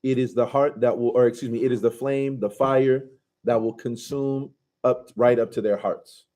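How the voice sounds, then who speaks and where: Male teacher, mid-pitched and relaxed, leading an informal commentary class. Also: moderate pace. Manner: casual, asks the class questions, drops into Arabic recitation. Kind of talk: conversational Quran commentary class.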